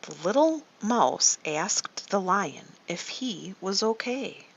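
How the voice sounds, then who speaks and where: Very slow, breathy woman telling a kids' story. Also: mid-range voice, big pitch swings. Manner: slow and soothing, asks the listener questions. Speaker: children's storyteller. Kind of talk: guided story meditation for kids. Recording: dull lo-fi recording.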